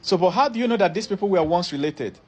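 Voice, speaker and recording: A man's voice: high voice, lively intonation, quick pace, darkish tone, lo-fi sound. A middle-aged man, explaining a topic step by step and often repeating or rephrasing his phrases for emphasis. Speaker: educator. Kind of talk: explanatory lecture.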